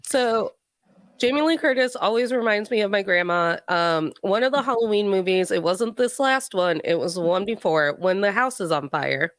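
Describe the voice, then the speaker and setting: A woman co-hosting a podcast in casual chat, giggly and rambling with animated energy. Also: mid-range voice, normal speed, no room sound, studio quality. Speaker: podcast co-host.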